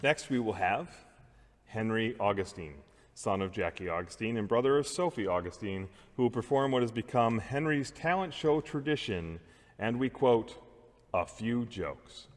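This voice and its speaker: A man's voice: medium pitch, animated, normal speed. A man formally introducing the next act at a talent show. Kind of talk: reading introductions. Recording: reverberant hall sound.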